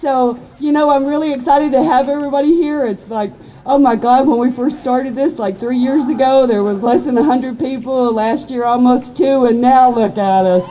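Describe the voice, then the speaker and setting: High-voiced woman rallying a crowd. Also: moderate pace, few pauses, muffled recording, noisy background. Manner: energetic, chatty, shouts chants to the crowd. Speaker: rally organizer and emcee. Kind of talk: rally speech with call and response. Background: loud crowd.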